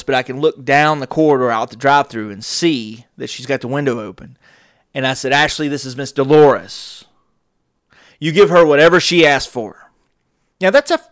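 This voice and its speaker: A man's voice: mid-range voice, smooth, no echo. Man telling a story, dry close sound. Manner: animated storyteller acting out quoted dialogue. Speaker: podcast host. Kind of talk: storytelling monologue.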